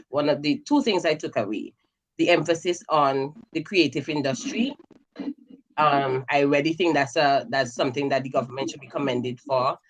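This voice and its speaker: A woman's voice: very deep voice, a little hiss or hum. Earnest woman calling in. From Grenada. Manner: measured, earnest, many fillers. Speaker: caller commenting on the budget. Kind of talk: casual call-in commentary.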